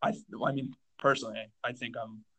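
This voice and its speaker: A man's voice: mid-range voice, fairly even intonation, fairly quick, pushed and bright. A young man, a stand-up comedian, chatting casually on a podcast, rambling with lots of fillers and restarts. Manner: rambling, filler-heavy, says dude a lot.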